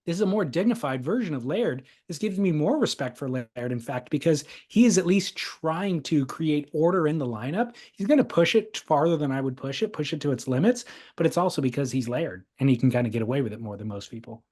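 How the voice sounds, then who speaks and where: A man's voice: a little high, expressive, brisk, few pauses, a little mellow. A man hosting a casual podcast chat, talking things over thoughtfully and reading a listener's letter aloud. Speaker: podcast host.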